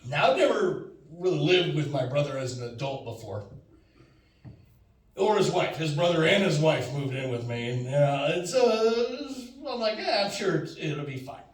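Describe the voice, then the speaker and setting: Rambling animated male stand-up comic. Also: a little high, normal speed. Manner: rambling, animated, acts out his friend's lines. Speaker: stand-up comedian. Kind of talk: stand-up storytelling. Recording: echoey room from far off.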